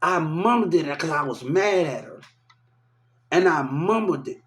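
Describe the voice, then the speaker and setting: His voice is fairly high, animated and a bit bright, and he speaks at a measured pace as he vents heatedly about his mistreatment. He repeats points, sounds aggrieved and cites what others told him. The echoey room carries slight background noise.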